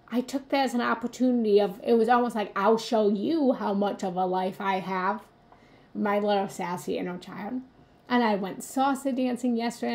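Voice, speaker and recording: A woman coaching her live viewers in an earnest, open-hearted way, sharing her own experiences as she goes. Her voice sits a little high, with a gravelly fry at the ends of her phrases. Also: dark tone. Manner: earnest, confessional, addresses viewers directly. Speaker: spiritual coach hosting a live stream. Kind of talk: live motivational talk.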